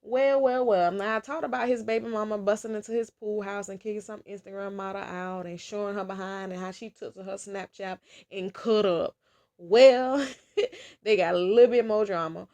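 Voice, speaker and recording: A woman's voice: mid-range voice, steady tone, a little fast, darkish tone. A woman vlogger chatting casually about celebrity gossip, talking straight to her viewers and laughing often.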